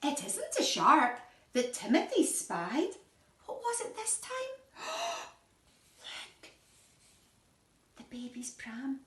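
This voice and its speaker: A woman reads a picture book aloud to little children, her high voice swooping up and down in sing-song storytelling. She takes her time with the words. The sound is echoey, and she is a little way off from the mic. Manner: animated, sing-song storytelling with gasps and questions. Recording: echoey room, voice from a distance.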